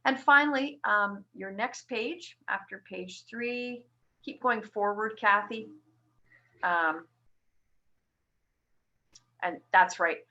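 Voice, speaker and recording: Woman nurse from Canada, bright-toned, patiently walks listeners through a form in a webinar. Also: medium pitch, takes it slowly, long pauses, highs cut off. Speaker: ostomy nurse presenter. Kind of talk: webinar presentation.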